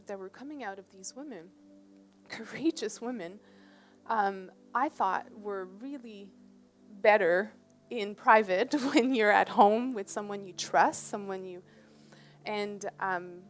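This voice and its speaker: A woman gives a presentation aboard a ship and tells a personal story in a relaxed, conversational way. She has a middle-range voice and often pauses to check in with her listeners. Faint music plays behind her. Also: medium pitch.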